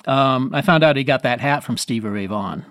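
A man's voice: mid-range voice, brisk, a bit bright, no echo, clean studio sound. A man, a saxophonist guest, telling rambling, self-deprecating stories and chuckling often. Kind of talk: anecdotal storytelling in conversation.

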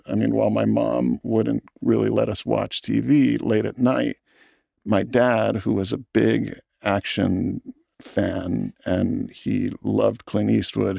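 A man, a film director, talking in an interview in a thoughtful, earnest way with halting restarts. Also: lowish voice, gravelly, dark tone, no echo, studio quality. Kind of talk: reflective interview talk.

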